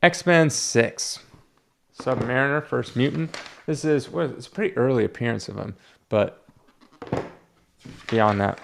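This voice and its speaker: Gravelly-voiced man chatting about comics. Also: medium pitch, expressive, a little slow, long pauses, fairly bright tone, slight background noise. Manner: rambling, talks to himself. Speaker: comic book dealer. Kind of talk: casual unboxing chat.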